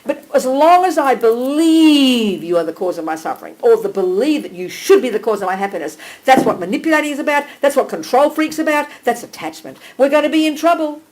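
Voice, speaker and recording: Animated high-voiced woman teacher. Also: low-quality recording. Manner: animated, direct, checks on listeners by name, calls them darling. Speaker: Buddhist teacher. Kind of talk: live teaching to a small group. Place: teaching room with a small live audience.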